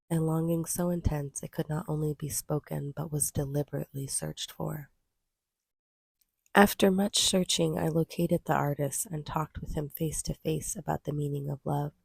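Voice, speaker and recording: A woman reads nonfiction aloud at a measured, steady pace. Her voice is low-toned and mellow with a gravelly edge. It has a slightly husky grain, and the sound is close and dry. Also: dry recording. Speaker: audiobook reader. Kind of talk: scripted nonfiction reading.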